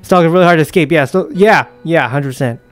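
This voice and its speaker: A man giving excitable let's play commentary, yelping and exclaiming at scares. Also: on the high side, quick pace, faint music behind. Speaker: gaming YouTuber.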